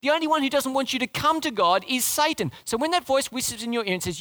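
A man's voice: extremely high pitch, expressive, quick pace, a bit bright, dry recording, studio quality. A man preaching a sermon, emphatic and asking the congregation rhetorical questions. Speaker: pastor.

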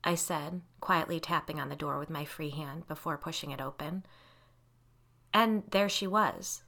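A woman narrating a novel in the first person at a steady, measured pace. Her voice sits low for a woman yet carries a bright, forceful tone. It is a scripted audiobook read. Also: creaky.

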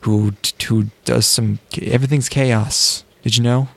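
A man co-hosting a podcast, chatting casually with dry, deadpan jokes. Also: mid-range voice, a little slow, gravelly. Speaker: podcast co-host. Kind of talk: casual chat.

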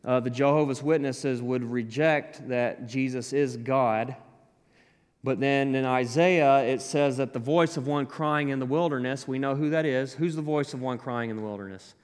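A man preaching a sermon, animated, acting out the voices in the scripture he quotes. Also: mid-range voice, normal speed, clear, resonant tone. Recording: long hall reverb.

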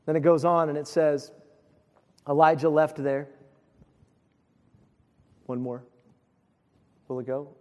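Man, sermon, high-pitched, lively retelling, quiet hushed passages, echoing sanctuary. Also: slow, pauses often. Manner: animated storytelling, acts out voices, drops to a soft hush. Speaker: pastor.

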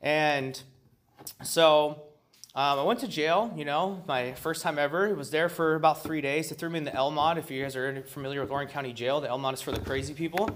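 A man sharing his story at a recovery meeting in a slightly higher-pitched voice. His telling is loose and profane, with plenty of ums and you-knows. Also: steady tone, a little fast, a bit bright, slight background noise. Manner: loose and profane, heavy with fillers. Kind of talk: casual personal share.

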